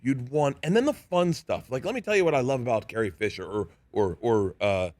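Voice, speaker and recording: Animated, laughing male comedian guest. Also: mid-range voice, brisk, dry recording. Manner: animated, laughing, acts out voices in his stories. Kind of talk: casual storytelling interview. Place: studio.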